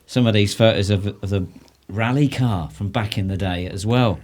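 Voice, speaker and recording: A man hosting a casual podcast interview, talking in a relaxed, hesitant way with many fillers. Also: fairly low pitch, moderate pace. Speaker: podcast host.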